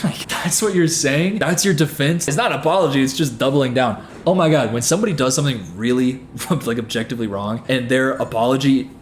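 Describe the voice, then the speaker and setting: A man's voice: mid-range voice, brisk, hardly any pauses, a little hiss or hum. A man giving casual commentary, sarcastic and often laughing mid-sentence. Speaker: commentary YouTuber.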